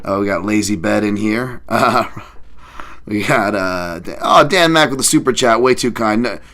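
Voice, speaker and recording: A man hosting a podcast livestream in a casual chat, rambling and excitable, thanking viewers and swearing often. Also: fairly low pitch, moderate pace. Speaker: podcast host.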